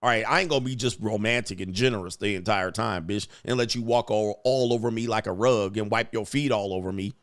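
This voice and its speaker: A man's voice: lowish voice, fairly quick, few pauses, fairly bright tone. A man hosting a show, ranting in a crude, boastful, swaggering way in casual talk. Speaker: show host. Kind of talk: casual livestream rant.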